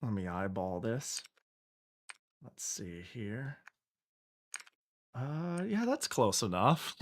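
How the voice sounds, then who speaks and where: A man streaming, reacting in casual commentary, excitable and ranting, laughing and exclaiming at what he sees. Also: medium pitch, slow, pauses often.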